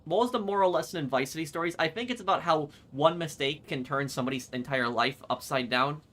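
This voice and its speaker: A man's voice: fairly high pitch, fast talker, pushed and bright. Chatty man with a faint New York accent. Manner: chatty, reacting aloud to the game, easy laughs. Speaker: gaming streamer. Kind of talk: live gameplay commentary.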